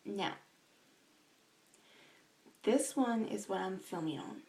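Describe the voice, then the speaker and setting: A young woman talking earnestly to her camera in a vlog, slow and emotional, halting with sighs and restarts. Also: mid-range voice, expressive, warm tone, low-quality recording. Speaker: vlogger.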